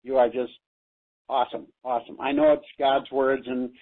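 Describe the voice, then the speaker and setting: A man's voice: medium pitch, level tone, normal speed. A man calling in to a radio show, grateful and effusive in his praise. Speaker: caller. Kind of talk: radio call-in. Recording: tinny phone line.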